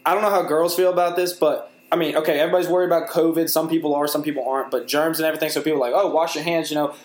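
A man's voice: a little high, fairly even intonation, rapid-fire. Laughing young man telling stories. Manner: storytelling, laughs often, acts out family voices. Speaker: podcast co-host. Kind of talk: casual chat.

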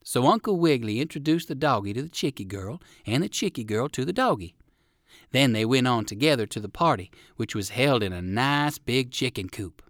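A man reading a children's storybook aloud with warm, expressive storytelling. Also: medium pitch, fairly quick, no room sound, studio quality. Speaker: reader. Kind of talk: storybook narration.

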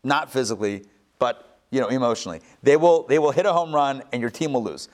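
A rabbi giving a live Torah class, animated, with joking asides and quick self-corrections. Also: male voice, mid-range voice.

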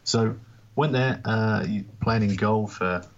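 A low-voiced English man co-hosting a podcast in a relaxed chat. He speaks in a dry, understated way, and the sound is dull and muffled. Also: slow pace. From England. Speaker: podcast co-host.

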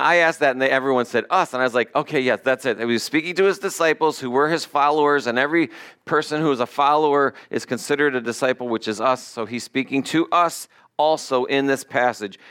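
A pastor preaching a sermon in a conversational, animated way, with asides to the congregation. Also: male voice, medium pitch.

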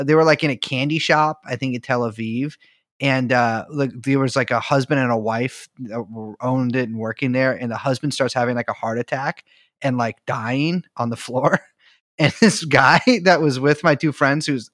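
A man's voice: medium pitch, a bit bright, no echo, studio quality. A man hosting a podcast, telling rambling jokey stories in casual chat. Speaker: podcast host.

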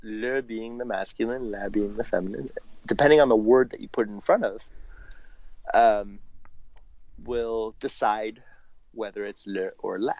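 A man's voice: on the low side, unhurried, pauses often, no echo. Canadian guy brewer chatting on a call, patient, lots of ums, kinda muffled dry sound. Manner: relaxed, explains patiently with frequent fillers. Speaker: podcast guest, brewer. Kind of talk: casual chat. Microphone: phone call.

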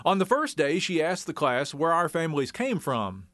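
A man's voice: fairly high pitch, very animated, moderate pace, a bit bright, no echo. Folksy man. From Arkansas Ozarks. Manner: wry, folksy storytelling. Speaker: narrator. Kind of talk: scripted documentary narration.

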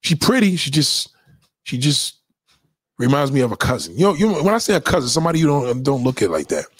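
A man's voice: mid-range voice, big pitch swings, fast talker, slightly rough, no echo. A man hosting a podcast, telling loose, profane stories and reacting to live comments in casual chat. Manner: loose, profane storytelling, lots of restarts. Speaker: podcast host.

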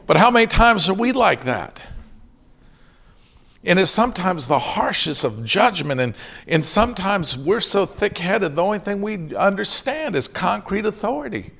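A man's voice: sits high, big pitch swings, unhurried, creaky, a bit bright. A middle-aged man preaching a sermon in an earnest way, now and then acting out the voices of people in his stories. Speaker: pastor.

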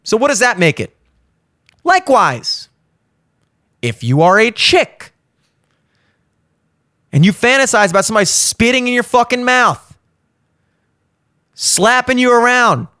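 A man's voice: extremely high pitch, very animated, a little slow, pauses often, sharp tone, dry recording, clean studio sound. A man hosting a show, ranting bluntly about relationships with heavy swearing and insistent repetition. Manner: insistent, repeats points for emphasis. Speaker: show host. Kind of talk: blunt opinion monologue.

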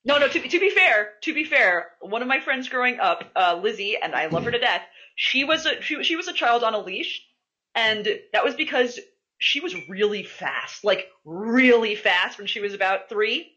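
A woman's voice: fairly high pitch, moderate pace. A woman hosting a podcast, chatting casually and swearing freely as she tells stories. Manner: animated, swearing, laughing storyteller. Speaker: podcast host. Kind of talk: casual chat. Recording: dull lo-fi podcast audio.

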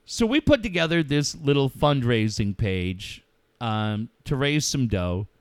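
A middle-aged man hosting a radio talk show, speaking about a personal loss in a heartfelt, halting way and swearing freely. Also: mid-range voice, very animated, clear, resonant tone, no echo. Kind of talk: emotional casual talk.

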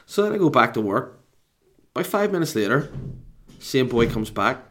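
A man's voice: medium pitch, very animated, moderate pace, a bit bright, a little hiss or hum. A man with a Scottish accent telling a rambling, sweary story at home with comic exasperation. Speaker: dad telling a story to camera. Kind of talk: casual rambling anecdote.

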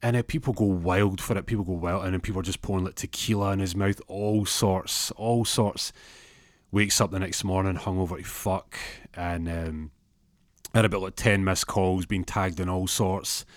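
Male comic storyteller, low-pitched, rambling delivery, dry recording. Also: steady tone, normal speed, dry recording. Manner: rambling, lots of fillers and repeats, acts out other voices.

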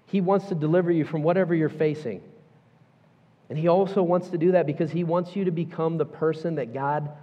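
A man's voice: fairly high pitch, steady tone, brisk. A man preaching a sermon in a church auditorium, emphatic and conversational with casual asides. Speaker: pastor. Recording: echoey hall, dull sound.

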